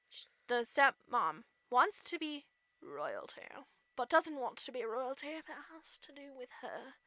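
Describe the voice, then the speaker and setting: A woman co-hosting a podcast, retelling a fairy tale casually with profanity and quick character voices. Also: sits high, bright, forceful tone, no echo. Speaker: podcast co-host. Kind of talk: casual comedic storytelling.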